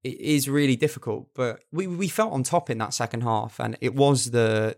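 Animated young man. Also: on the low side. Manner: animated, repeats words when building a point. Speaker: podcast co-host. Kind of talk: casual football chat.

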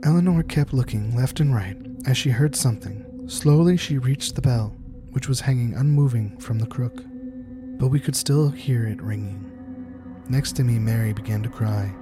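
Brief: male horror narrator, measured and tense, mid-pitched voice, music bed behind. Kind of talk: scripted horror story narration.

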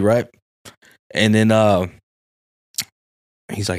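A low-pitched man co-hosting a casual podcast and spinning a crude, slang-heavy story. His voice is dry and close, with no room sound around it. He keeps dropping "bro" and "dog" as he goes. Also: flat delivery, slow, long pauses, no echo. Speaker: podcast co-host.

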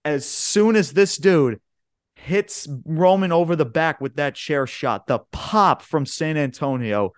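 Excitable swearing man, higher voice. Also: takes it slowly, smooth, no room sound, studio quality. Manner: excitable, swears often, says "bro" and "man"; rambling play-by-play retelling. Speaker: podcast co-host. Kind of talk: casual chat.

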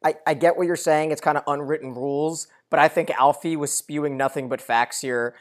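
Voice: mid-range voice, fairly even intonation, brisk. Opinionated podcast co-host laying out a plot. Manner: opinionated, talks in long run-on explanations. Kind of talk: casual TV recap discussion.

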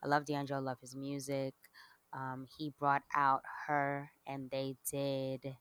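A woman's voice: very deep voice, monotone, unhurried, fairly bright tone, smooth, dry recording. A woman co-hosting a podcast, chatting in an upbeat, easygoing way. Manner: upbeat, chatty, laughs easily. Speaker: podcast co-host. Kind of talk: casual chat.

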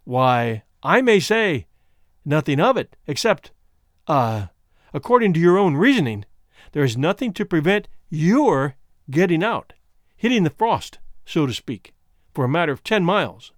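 A man voicing a scheming, smooth-talking man who speaks with deliberate, mock-polite slowness. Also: fairly high pitch, very animated, dry recording, clean studio sound. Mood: smug. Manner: deliberate, judicial, mock-apologetic.

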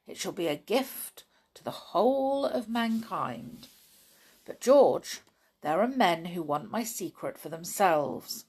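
A woman's voice: medium pitch, gravelly, husky, full character voice. A woman voicing an earnest middle-aged scientist father in an audiobook, explaining in an earnest tone. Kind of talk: audiobook reading.

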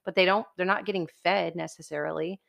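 A woman's voice: fairly low pitch, fairly even intonation, fast, gravelly, fairly bright tone. Chatty woman hosting. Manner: chatty, rambling, laughs easily. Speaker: podcast host. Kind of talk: casual dinner-table chat.

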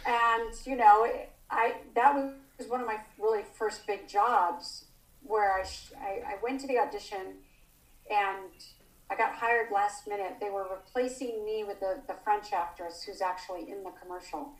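A middle-aged woman telling a story in casual chat. She is animated and acts out the dialogue as she goes. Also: mid-range voice, moderate pace. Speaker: guest storyteller. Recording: roomy echo.

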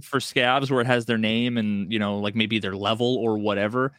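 Relaxed man rambling on a podcast. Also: on the low side, normal speed, clear, resonant tone, no room sound, clean studio sound. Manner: relaxed, rambling, trails off mid-thought. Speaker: podcast co-host. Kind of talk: casual gaming chat.

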